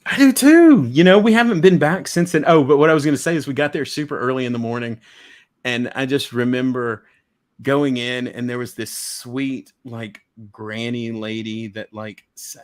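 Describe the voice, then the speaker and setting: A man's voice: mid-range voice, normal speed. A man chatting casually as a guest over a video call, rambling enthusiastically with many restarts. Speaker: guest collector. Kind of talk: casual chat.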